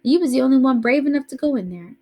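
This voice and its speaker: A woman's voice: sits high, animated, fast talker, darkish tone, voice pushed up, low-quality recording. A woman reading aloud voices a tough, bossy teenage older brother who scolds in a streetwise way. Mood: insistent.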